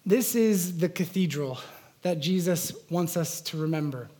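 A male pastor preaching a sermon in a relaxed, conversational way. He talks earnestly and stops to restart his thoughts, with plenty of fillers along the way. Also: fairly high pitch, unhurried.

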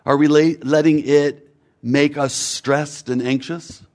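A man preaching a sermon in a measured way, building rhythmic lists whose last words fall away. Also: on the high side, fairly even intonation, a little mellow.

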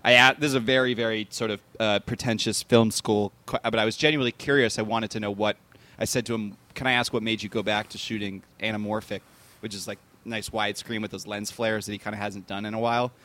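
A man's voice: fairly low pitch, fairly even intonation, quick pace, sharp tone. Rambling young man telling stories. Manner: rambling storyteller with many fillers and restarts. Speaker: podcast co-host. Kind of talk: casual chat.

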